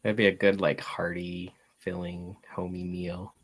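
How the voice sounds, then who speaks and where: A woman in a casual podcast chat who talks in a slow, drawn-out way. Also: extremely low pitch, level tone, slightly rough.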